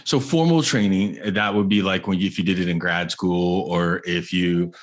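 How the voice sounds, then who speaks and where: A man's voice: low voice, moderate pace. A man hosting a podcast, asking rambling questions with frequent laughs and backchannel replies. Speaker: podcast host. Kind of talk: casual interview chat.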